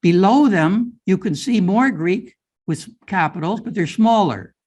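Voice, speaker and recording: A man's voice: high-pitched, lively intonation, a little slow, a little mellow. An older man giving a guided lecture on an old manuscript, explaining step by step and often checking in with his listeners. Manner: explanatory, frequent "right?" checks.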